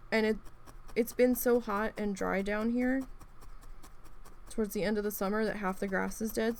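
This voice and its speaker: A woman's voice: mid-range voice, darkish tone, a little hiss or hum. Rambling, swearing woman telling stories. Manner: rambling, swears freely, acts out her own reactions. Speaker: crafting video host. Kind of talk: casual chat while crafting. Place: at home.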